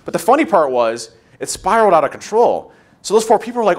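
A man giving a conference talk on security, rapidly telling animated stories and acting out the people in them. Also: on the high side. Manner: rapid, animated storytelling, acts out quotes. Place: conference room.

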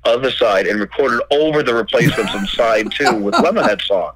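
A man who runs a record label tells stories as a podcast guest, swearing liberally and replaying old dialogue with "I go." His voice is medium-pitched, expressive and brisk, on a rough recording.

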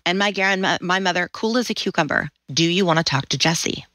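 A woman's voice: fairly low pitch, brisk, pushed and bright, dry recording, poor audio. A woman in her forties, a podcast guest, vividly telling a personal story and acting out the voices she quotes. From Washington State, USA.

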